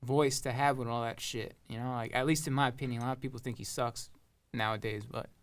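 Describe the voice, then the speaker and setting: A young man from Long Island with a smooth, clear voice chats loosely about his music. He rambles, piling up fillers and curse words between thoughts. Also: mid-range voice, fairly even intonation, fast talker. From Long Island, New York. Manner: rambling, heavy on fillers and swearing. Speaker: rapper and producer guest. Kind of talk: casual interview chat.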